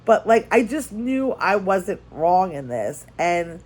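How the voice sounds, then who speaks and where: A woman vlogger telling a story in casual chat, lively and repeating phrases for emphasis. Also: lowish voice, slow pace. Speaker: crafting vlogger.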